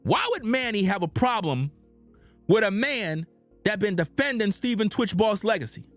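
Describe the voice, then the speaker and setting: A man's voice: high-pitched, lively intonation, normal speed, fairly bright tone, faint music behind. A man hosting a heated commentary monologue, insistent and repetitive with preacher-like emphasis. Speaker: commentary channel host.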